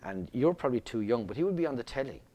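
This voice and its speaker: Middle-aged Irish actor, chatty guest, animated and rambling. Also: male voice, medium pitch, quick pace, highs cut off. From Ireland. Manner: animated storyteller, many restarts. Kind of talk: casual interview chat.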